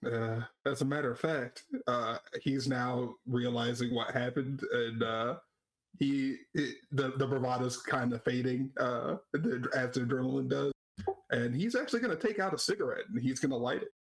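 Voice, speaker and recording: A man's voice: mid-range voice, normal speed. A man playing in a tabletop game, casually describing his character's actions. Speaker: player. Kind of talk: tabletop role-play.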